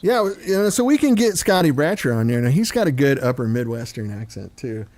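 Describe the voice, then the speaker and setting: A man's voice: mid-range voice, big pitch swings, fairly quick, darkish tone. Chatty American man from Missouri. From Missouri, United States. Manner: chatty storyteller, acts out voices. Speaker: host. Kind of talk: casual chat.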